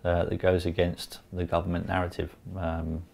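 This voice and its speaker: A man in his fifties, a former football pundit, recounting events in a calm, unhurried way with lots of ums. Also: low voice, vocal fry. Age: 50s. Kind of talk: casual interview.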